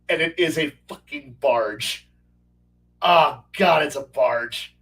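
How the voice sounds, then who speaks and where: A man co-hosting a casual stream chat, rambling excitedly and swearing a lot. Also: a little high, measured pace, recorded from a distance, poor audio. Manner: rambling, profane, animated. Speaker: podcast co-host.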